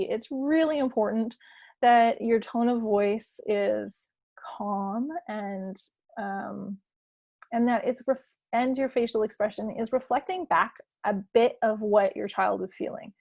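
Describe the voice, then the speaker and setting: Thirties woman coaching parents over a live stream; earnest, loose delivery, bright-ish pitch, dry close mic. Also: gravelly, no room sound. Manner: casual and earnest, with frequent fillers and restarts.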